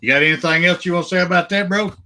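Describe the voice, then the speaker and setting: A man's voice: sits high, rapid-fire, gravelly, pushed and bright. A man hosting a casual sports talk show, opinionated and emphatic, often restarting his sentences.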